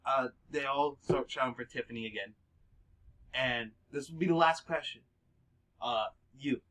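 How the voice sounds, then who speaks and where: A man at a home mic narrates a tabletop role-playing game as its game master. His voice is bright and his pitch sits in the middle for a man. He talks with a lot of ums and restarts, then speeds up when he speaks for the characters. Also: low-quality recording. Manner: hesitant, filler-heavy narration with quick voiced NPC lines.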